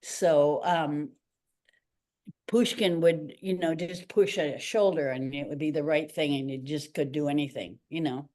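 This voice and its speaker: The guest is an older woman from Canada, a retired ballerina and teacher, speaking a little slowly in a low-pitched voice. Over a casual interview she tells animated stories, voicing the people she quotes.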